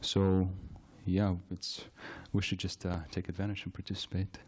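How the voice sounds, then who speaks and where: A man giving a temple scripture class, telling a story in a halting way, repeating words and laughing often. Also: sits low, completely flat delivery, darkish tone. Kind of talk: anecdotal temple class talk.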